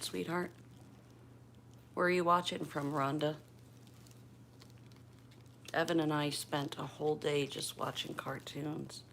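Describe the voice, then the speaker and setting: An older woman from Bristol, Pennsylvania, keeps things casual and quiet on her home livestream, chatting with viewers by name. Her voice sits low, and a light hiss or hum can be heard.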